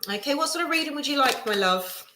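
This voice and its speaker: A woman's voice: high voice, animated, fast talker, background noise. Chatty woman reading tarot cards. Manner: chatty, reassuring, many ums and restarts. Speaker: tarot reader. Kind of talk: live-stream tarot reading. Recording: echoey room.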